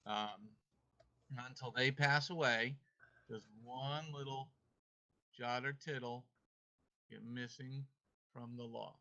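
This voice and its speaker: A man's voice: medium pitch, steady tone, takes it slowly, long pauses, bright, forceful tone. A man leading an online devotional class, emphatic and playful as he coaxes his students along. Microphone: video call. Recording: muffled video-call audio.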